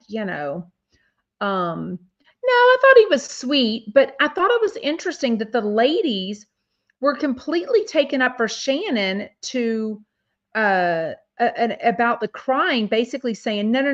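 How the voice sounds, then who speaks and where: A woman's voice: fairly high pitch, lo-fi sound. A woman from Texas with a drawl, hosting a casual podcast and reading viewer comments aloud, with lots of fillers. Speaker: podcast host.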